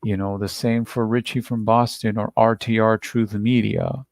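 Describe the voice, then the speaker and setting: A man's voice: lowish voice, little pitch movement, moderate pace, no room sound. A man hosting a reaction video, talking through a played clip in a rambling, repetitive, defensive way. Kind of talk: casual commentary on a played clip.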